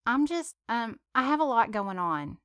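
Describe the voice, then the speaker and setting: Woman reading as a shy, flustered young woman, stammering, smooth clear voice, audiobook. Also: fairly high pitch, sing-song, a little slow, fairly bright tone, no echo, clean studio sound, voice pushed up. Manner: stammering, hesitant.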